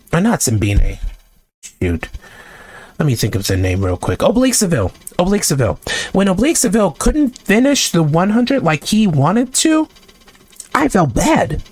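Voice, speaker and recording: A man delivering a heated sports rant to camera, exasperated and sarcastic, with blunt outbursts. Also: high-pitched. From United States. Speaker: sports vlogger.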